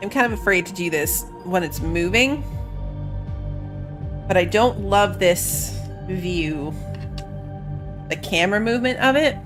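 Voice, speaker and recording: Over music, a tired mother of school-age kids chats casually while playing a game, rambling and yawning now and then. Her mid-range voice is animated but unhurried, with long pauses. She's a gaming streamer doing relaxed let's-play commentary.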